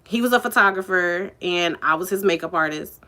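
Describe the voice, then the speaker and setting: A woman's voice: fairly low pitch, a little fast, sharp tone. A woman telling a personal story in a casual vlog, chatty and candid, full of "like" and "you know".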